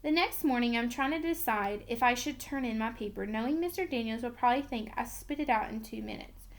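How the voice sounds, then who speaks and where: A woman's voice: a little high, a little fast. A woman narrating a novel in first person, in a plain, earnest storytelling way. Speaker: audiobook reader.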